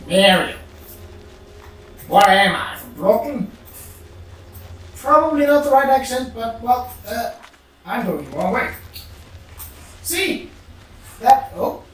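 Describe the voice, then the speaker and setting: A gamer talks their way through a dungeon at an unhurried, drawn-out pace, muttering thoughts aloud and humming between lines. The voice sits back from the mic in a very echoey room, with faint game ambience underneath. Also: medium pitch, lively intonation, distant mic. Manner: musing, mutters to self, hums. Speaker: let's play gamer. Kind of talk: casual gameplay commentary.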